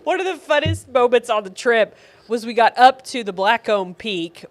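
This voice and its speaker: A woman's voice: on the high side, expressive, normal speed. A woman co-hosting a podcast in casual chat, telling stories and agreeing often. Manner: chatty storyteller, frequent agreeing. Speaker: podcast co-host.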